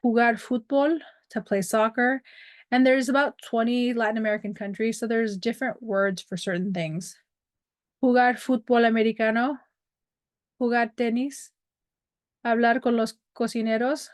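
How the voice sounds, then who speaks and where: A woman with a fairly high, dry voice teaches a Spanish lesson over a video call. She reads words and their English meanings and drifts into chatty asides. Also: fairly even intonation, moderate pace, no echo. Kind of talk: online language lesson. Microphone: computer mic on a video call.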